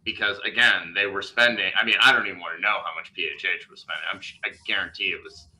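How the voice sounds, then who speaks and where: A man's voice: low-pitched, steady tone, fast talker, sharp tone, poor audio. A male podcast co-host in casual chat, rambling and thinking aloud with lots of fillers and restarts.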